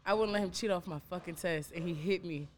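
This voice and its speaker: A young woman, a radio personality, telling stories in a casual podcast chat, profane and animated. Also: on the low side, fast.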